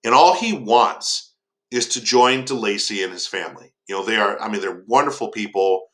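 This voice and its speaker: A man's voice: fairly low pitch, normal speed, fairly bright tone. A man teaching a casual lesson on a novel, rambling, with frequent fillers and restarts.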